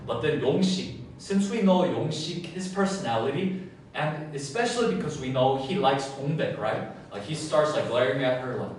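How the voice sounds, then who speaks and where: A man's voice: medium pitch, lively intonation, moderate pace, a little hiss or hum. A man casually recapping a drama scene, full of fillers and acting out the characters' lines. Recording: very echoey room, from a distance.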